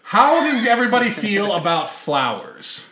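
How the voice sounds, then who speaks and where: A man's voice: high-pitched, big pitch swings, moderate pace, sharp tone, echoey room. A man hosting a casual group chat, teasing his co-hosts, laughing often and steering the talk with questions. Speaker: podcast host.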